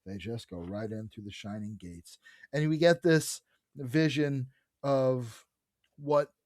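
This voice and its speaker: A man co-hosting a casual podcast, retelling a story with excitement and lots of fillers. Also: mid-range voice, slow pace, dry recording, studio quality. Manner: enthusiastic retelling, many fillers. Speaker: podcast co-host. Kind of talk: casual chat about comics.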